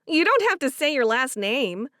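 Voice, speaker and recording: A woman voicing a young woman who is grieving and tearful, speaking high and loud in an audiobook. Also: big pitch swings, moderate pace, no echo, clean studio sound, heavily acted. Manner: high and loud, choked with distress. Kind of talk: audiobook character voice.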